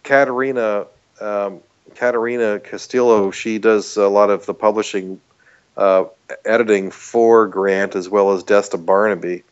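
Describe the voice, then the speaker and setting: A man's voice: lowish voice, steady tone, a little slow, clean tone, highs cut off. A man from Canada with a Canadian accent, a guest chatting casually and earnestly in an interview, with some restarts. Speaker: podcast guest.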